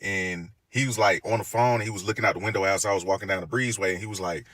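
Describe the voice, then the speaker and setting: A man's voice: low voice, fast, no room sound. A man telling a personal story in casual talk, loose and full of fillers, acting out the voices and sounds as he goes. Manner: animated, acts out quoted voices and sounds.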